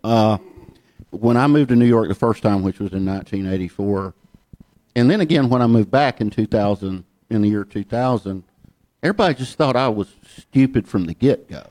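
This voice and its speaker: Man, Southern accent, interviewer, relaxed storyteller, deep, dry recording. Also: moderate pace, no room sound. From Georgia. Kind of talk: casual interview chat.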